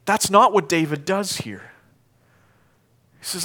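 A man preaching a sermon as pastor, emphatic, swinging between loud declarations and hushed lines. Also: sits high, slow, pauses often.

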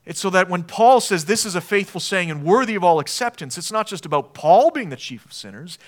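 Preaching man, hushed to emphatic. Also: sits high, lively intonation, fairly quick, few pauses. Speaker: pastor. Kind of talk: sermon. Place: church sanctuary.

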